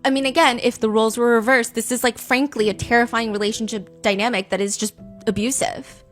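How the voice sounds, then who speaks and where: Brief: talkative woman host with a fairly high voice, recounting a case casually and with strong opinions. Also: fairly even intonation, fairly quick, faint music behind. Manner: chatty and opinionated, with frequent "like". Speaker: podcast host. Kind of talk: casual true-crime storytelling.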